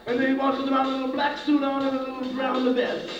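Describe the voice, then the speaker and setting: A man's voice: very high-pitched, completely flat delivery, fast. A man playing a bumbling male hotel room-service clerk, who mishears and repeats the caller's words. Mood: earnest. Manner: mishears and repeats words, thick put-on accent. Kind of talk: comedy sketch acting. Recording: echoey, distant, dull old record with music.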